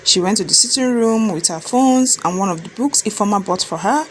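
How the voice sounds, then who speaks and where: A woman with a Nigerian accent narrating a love story in a plain, steady way. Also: medium pitch, brisk, slight background noise, rough recording.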